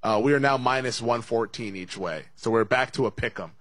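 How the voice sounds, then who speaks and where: A young man hosting a casual sports betting show, quick with asides and laughing often. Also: medium pitch, a crowd in the background.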